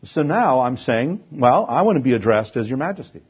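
A man's voice: medium pitch, very animated, brisk, lo-fi sound, a little hiss or hum. A man from Canada preaching a sermon to his congregation, slipping into sarcastic mock voices and building to emphatic peaks. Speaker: pastor.

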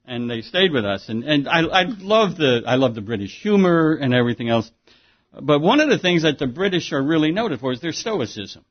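A man with a slightly high voice preaches a sermon, talking plainly and conversationally, repeating words as he goes and asking rhetorical questions. The recording sounds dull and lo-fi. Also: big pitch swings, moderate pace. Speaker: pastor.

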